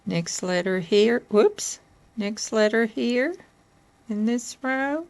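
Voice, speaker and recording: A woman from Kentucky reading letters off a board one at a time, patiently asking questions and laughing softly now and then. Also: on the high side, lively intonation, takes it slowly.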